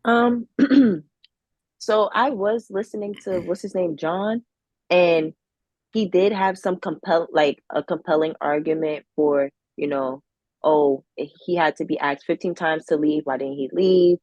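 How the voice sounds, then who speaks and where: A woman with a notably low voice speaks on a live debate panel. Her sound is dry and close, with no room around it. She pauses often with fillers and restarts while she makes her point. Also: a little mellow, no room sound, muffled recording. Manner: hesitant, many fillers and restarts when objecting. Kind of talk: casual debate.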